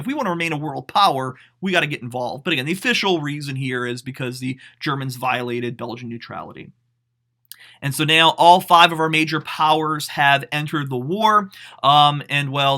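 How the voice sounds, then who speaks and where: A man teaching a high school history class online, explaining in a casual, conversational way with fillers and questions to his students. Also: bright, forceful tone. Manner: casual, conversational explaining with frequent "um" and "you know".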